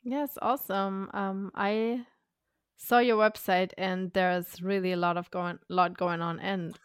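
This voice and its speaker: A woman's voice: mid-range voice, level tone, unhurried, clean tone, no echo, clean studio sound. A woman hosting a podcast interview, encouraging her guest with short replies and laughter. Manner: encouraging, frequent listening noises and laughs. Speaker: podcast host. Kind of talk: casual interview.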